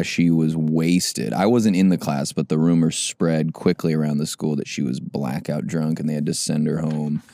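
A man's voice: extremely low pitch, warm tone, no echo, clean studio sound. A man from Nebraska co-hosting a podcast, joking around in casual chat. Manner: joking, puts on silly voices. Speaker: podcast co-host.

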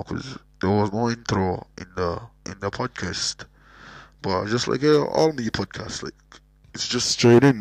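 A man with a Cork Irish accent, from Ireland, opens his podcast with a casual solo ramble, joking, swearing often and trailing off into restarts. His voice is low and gravelly, with no echo, on a low-quality recording.

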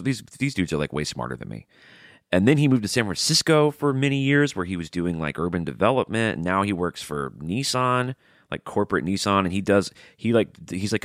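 A middle-aged Southern man with a low, creaky voice and a Southern accent hosts a podcast. His casual monologue is rambling, profane, and animated as he tells stories, captured in a dry, studio-quality recording.

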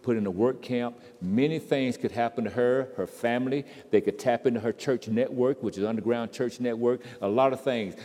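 A man preaching a sermon, swinging from quiet storytelling to loud, impassioned crescendos. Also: mid-range voice. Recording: reverberant hall.

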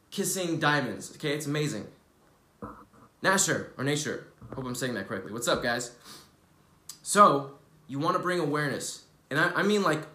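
Bright-voiced man, casual spiritual vlog. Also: fairly high pitch. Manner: loose, swears freely, earnest and preachy. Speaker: spiritual wellness vlogger. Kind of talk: casual motivational vlog talk. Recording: roomy echo.

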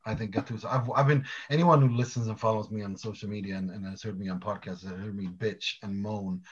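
A man's voice: on the low side, steady tone, quick pace, breathy edge, dull audio. A man, a football journalist guest, talking casually with lots of stammering restarts. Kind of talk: casual chat.

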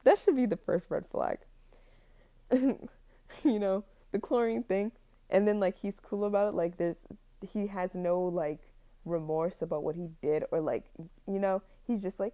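A woman's voice: medium pitch, a little slow, dark tone. A young woman casually retelling a film plot, rambling with many fillers and frequent laughs.

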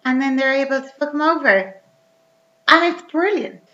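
Animated woman retelling a film. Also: sits high, normal speed. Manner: animated storytelling, acting out lines with sweary humour. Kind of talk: casual chat. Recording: roomy, slightly dull recording.

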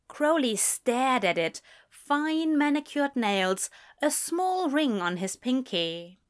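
Slow, measured woman narrator. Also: fairly high pitch. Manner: calm, measured storytelling. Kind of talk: audiobook-style story narration.

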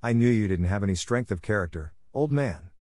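Man doing entitled young lordling, haughty, demanding, low. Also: animated, brisk, a little mellow, no room sound, studio quality, natural voice. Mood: scornful.

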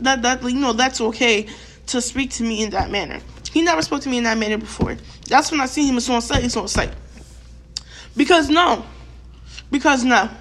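A young female vlogger tells her audience a storytime rant, sitting high in pitch. She's animated and swears freely, packing in filler words and acting out quoted lines.

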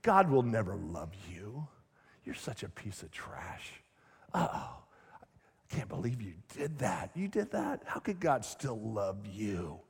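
A man's voice: on the low side, sing-song, slow, creaky, husky, big-room sound, voice pushed down, full character voice. A man voicing a tempting, mocking male devil, wheedling and sneering. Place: church sanctuary.

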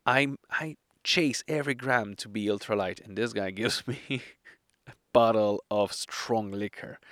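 Tipsy guy rambling about his hike, kinda gravelly low voice, dry sound. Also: a bit bright, no room sound. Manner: hesitant, rambling, laughs often. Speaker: solo hiker vlogger. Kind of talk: casual storytelling to camera. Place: campsite outdoors.

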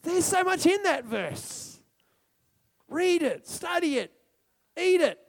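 Excitable high-voiced male preacher. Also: slow, vocal fry. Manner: loud, excitable, emphatic preaching. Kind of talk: sermon.

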